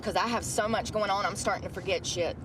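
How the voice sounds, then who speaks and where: Brief: woman streaming from her car, blunt, swears a lot, mid pitch, road noise behind. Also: steady tone. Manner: blunt, profane, fast venting. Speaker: livestreamer. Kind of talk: rambling livestream talk. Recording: noisy car livestream on a phone.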